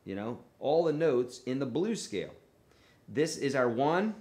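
A man teaching a live online guitar lesson, coaching in a relaxed, repetitive way and checking in often with the viewers. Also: mid-range voice, a little slow. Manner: relaxed, repetitive coaching with frequent "okay?" and "right?".

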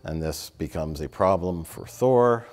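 A man's voice: sits low, animated, unhurried, a little mellow, faint music behind. A man co-hosting a film review show, talking in a rambling casual way with fillers and swearing. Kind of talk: casual chat.

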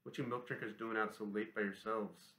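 Menacing young bully, as a man voices him, low sneer, echoey room. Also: fairly even intonation, a little fast, a bit bright, close to an everyday voice. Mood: taunting. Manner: sneering, taunting.

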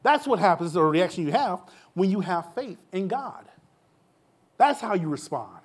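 A man's voice: sits high, very animated, moderate pace, husky. A male pastor telling a personal story in an informal church Q&A, acting out the voices of the people in it and laughing at his own jokes.

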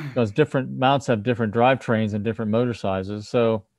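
A man's voice: mid-range voice, steady tone, a little fast, a little mellow, dry recording. A man hosting a casual livestream tech talk over a video call, explaining things and often restarting his sentences. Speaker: host, firmware developer.

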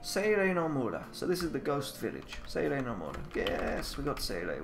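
A young man narrates a game playthrough, translating its Japanese text as he goes. He thinks aloud, trails off and doubts his own guesses, at a middling pitch, with game music playing softly behind him. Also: sing-song, a little fast, gravelly, hardly any pauses. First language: English. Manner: muses aloud, trailing off and second-guessing himself. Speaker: let's player.

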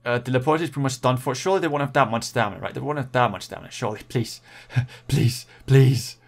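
Excitable young man commentating his gameplay. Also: mid-range voice, racing, creaky. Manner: excitable, pleading and groaning at the game. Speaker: gaming channel host.

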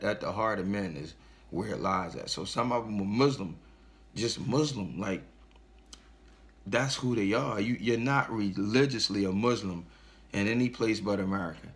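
A man's voice: lowish voice, normal speed. A man delivering an aggressive, profane religious rant straight to his audience, preaching and mocking. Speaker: online commentator. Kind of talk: angry religious rant to camera.

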